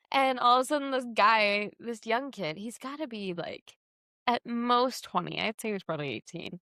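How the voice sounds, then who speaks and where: A woman's voice: a little high, normal speed, pushed and bright, dry recording. A young woman co-hosting a casual chat podcast, reacting with dry teasing remarks and telling her own stories. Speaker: podcast co-host.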